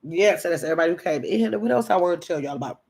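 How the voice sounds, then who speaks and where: Chatty woman on a live stream, greets folks by name, animated storyteller. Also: fairly low pitch, rapid-fire, creaky. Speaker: livestream host. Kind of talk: casual live chat reading viewer comments.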